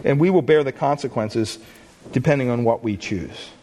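A man's voice: medium pitch, normal speed, warm tone, a little hiss or hum. A man preaching a sermon, talking in a conversational way and putting questions to the congregation. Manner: conversational, asks the listeners questions. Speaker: pastor.

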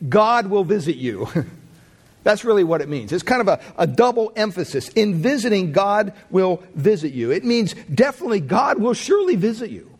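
Guy preaching, kinda high voice, keeps asking the room questions and swings his pitch way up and down. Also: darkish tone. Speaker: pastor. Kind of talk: sermon.

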